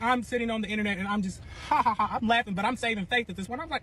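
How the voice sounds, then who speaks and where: A man with a high voice rattles through a messy personal saga at speed, swearing freely and acting out every quoted line. Faint noise sits under the recording. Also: lively intonation, fast talker, a bit bright. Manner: profane, dramatic, acts out quotes. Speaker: storyteller in a clip. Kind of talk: animated storytelling.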